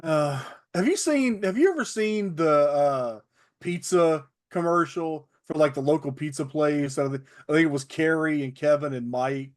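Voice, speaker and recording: A man's voice: fairly high pitch, moderate pace. A man co-hosting a wrestling podcast in casual chat, wry and given to swearing. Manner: wry, profane. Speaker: podcast co-host.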